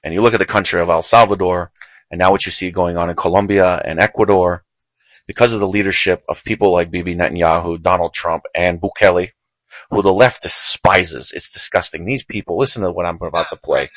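A man's voice: low-pitched, fairly even intonation, fairly quick, a bit bright, no room sound, poor audio. A man hosting a show, giving heated, emphatic political commentary with frequent repetition. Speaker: show host.

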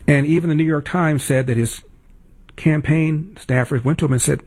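Male talk host, husky and fried, indignant commentary with emphatic repeats. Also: a little high, moderate pace, a little mellow. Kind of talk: political commentary monologue.

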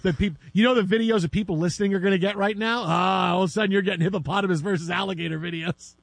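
Man, casual sports chat host, high voice, dry close sound, animated storytelling. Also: rapid-fire, creaky, dry recording.

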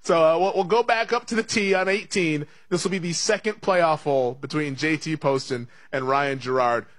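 A young man hosting a casual sports betting show, quick with asides and laughing often. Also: on the high side, fairly bright tone, no room sound.

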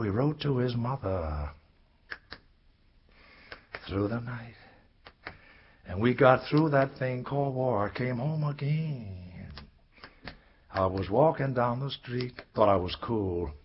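An older man performing a story in rhythmic, sing-song spoken word, swinging from loud cries to hushed whispers. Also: medium pitch, slow pace, long pauses. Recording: dull lo-fi recording with faint noise.

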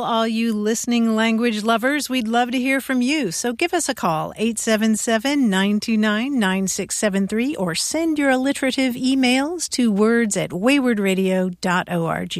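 A woman's voice: a little high, moderate pace, no echo, studio quality. A woman co-hosting a radio talk show, bantering playfully with callers. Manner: playful, warm banter with laughs.

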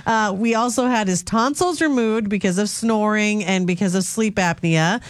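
A young woman co-hosts a morning radio show, chatting through family stories with lively, acted-out quotes. Her voice sits at a middling pitch and sounds close and dry. It comes from a studio mic with no room echo. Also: normal speed. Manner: chatty storyteller, acts out shouted quotes. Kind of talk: casual radio banter.

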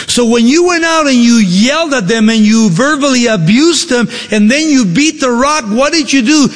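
A preacher voicing God, stern and reasoning. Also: male voice, extremely high pitch, long reverb tail, voice pushed up. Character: God, stern patient male deity reasoning.

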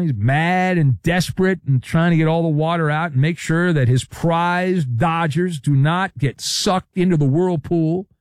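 A man's voice: fairly high pitch, darkish tone, no echo, studio quality. A middle-aged man giving theatrical, jokey sports commentary full of wordplay and playful sound effects.

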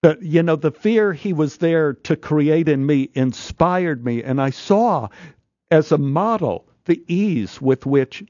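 A male actor guest telling an animated anecdote in a studio interview, stammering, restarting and acting out voices. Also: fairly high pitch, slow, no room sound, dull audio. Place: radio studio.

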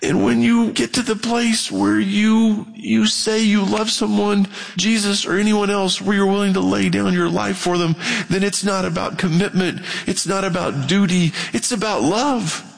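Preacher with hall reverb. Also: male voice, high-pitched, fairly even intonation, moderate pace, vocal fry. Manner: conversational preaching, acting out quotes, rising to fervent. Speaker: pastor. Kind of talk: sermon.

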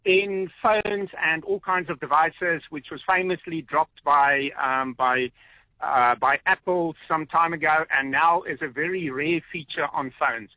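Hesitant man caller, bright tone. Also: a little high, fairly even intonation, measured pace, dry recording. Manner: hesitant, many ums. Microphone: phone line. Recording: muffled phone line.

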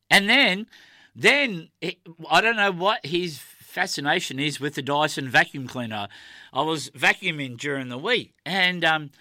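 A man's voice: on the high side, pushed and bright, dry recording. A middle-aged Australian man hosting a radio show, chatting in a rambling, heartfelt way with plenty of fillers. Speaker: radio host. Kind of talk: casual radio chat.

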